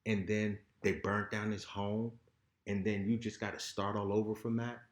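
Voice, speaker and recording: A man's voice: on the low side, little pitch movement, moderate pace. A man talking candidly as a podcast guest, blunt and heated, with frequent swearing. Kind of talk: raw candid conversation. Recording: roomy echo.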